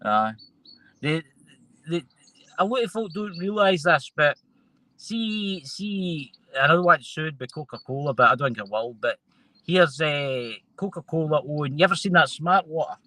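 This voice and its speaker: A man's voice: a little high, expressive, measured pace, sharp tone, low-quality recording. A man with a Scottish accent hosting a casual chat show, rambling and trailing off mid-sentence. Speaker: host.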